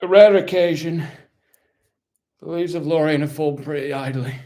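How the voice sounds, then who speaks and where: A man doing impressions takes live-stream questions as a weary, self-serving warrior-captain of a kingdom, full of pride. The voice is fairly high yet dark in tone and natural, at normal speed, and he wanders on in a dry, mock-solemn manner, forever defending his own choices.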